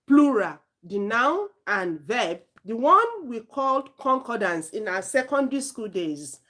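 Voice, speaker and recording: Chatty Nigerian woman teaching IELTS. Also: on the high side. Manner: chatty, animated, with frequent self-corrections. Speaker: IELTS speaking tutor. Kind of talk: informal spoken lesson.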